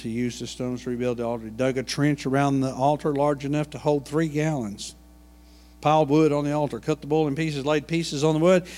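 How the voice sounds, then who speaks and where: A man's voice: medium pitch, dark tone, in a large hall. A man preaching a sermon and retelling a Bible story in a folksy way, full of asides and homey jokes. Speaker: pastor. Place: church sanctuary.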